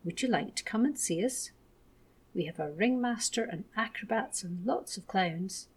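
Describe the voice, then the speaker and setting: A woman's voice: mid-range voice, lively intonation, moderate pace, husky. A woman voicing a friendly, tall male circus giant who cheerfully invites people to his show.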